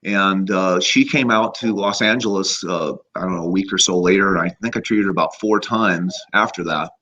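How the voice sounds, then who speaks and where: A man in his fifties, a chiropractor guest, telling casual stories in an animated way with frequent laughs. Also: low voice, moderate pace. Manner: animated anecdotes, laughs often, acts out voices. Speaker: guest, chiropractor and energy healer. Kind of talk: casual storytelling. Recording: slightly muffled lo-fi audio.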